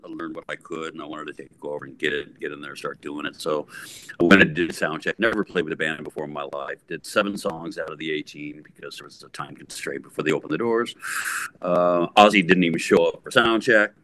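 A man in his sixties from the Bay Area, a rock guitarist telling a story in a casual interview, lively and full of fillers. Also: very deep voice, fast. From San Francisco Bay Area, USA. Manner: animated, acts out voices, lots of fillers.

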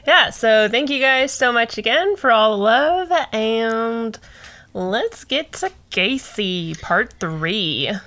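A young adult woman co-hosting a podcast, joking and laughing through relaxed casual chat. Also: on the high side, takes it slowly. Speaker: podcast co-host.

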